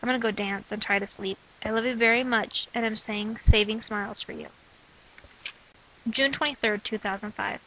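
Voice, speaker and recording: A woman in her twenties reading her old diary letters aloud in short, steady clipped phrases. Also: on the high side, moderate pace, low-quality recording. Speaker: vlogger.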